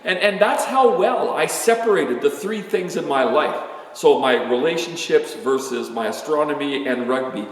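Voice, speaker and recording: Animated older man in an echoey hall. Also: on the high side, moderate pace, few pauses. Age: 60s. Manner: candid, rambling, self-deprecating storyteller. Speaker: astronomer giving a talk. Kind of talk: informal talk to students.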